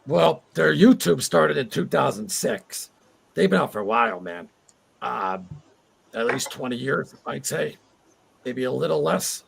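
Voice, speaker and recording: A man's voice: medium pitch, lively intonation, a little slow, vocal fry, husky. A man in his forties hosting a casual livestream chat, rambling and heartfelt as he reads viewer comments aloud. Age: 40s. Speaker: livestream host.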